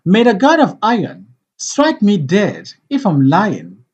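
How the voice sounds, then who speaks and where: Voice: medium pitch, wildly swooping pitch, slow pace, a little mellow, breathy edge, lo-fi sound, heavily acted. A reader voicing a frightened, loyal hunter who speaks in a pleading, earnest way, in a play read aloud. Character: frightened loyal male hunter and old servant. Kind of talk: audiobook play reading.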